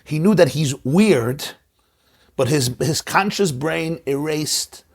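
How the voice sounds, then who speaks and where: A man's voice: lively intonation, slow, breathy edge. A man, a rabbi hosting a conversational discussion, who speaks emphatically and often repeats words while searching for them. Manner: swings between soft low asides and rising stressed words. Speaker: rabbi and host.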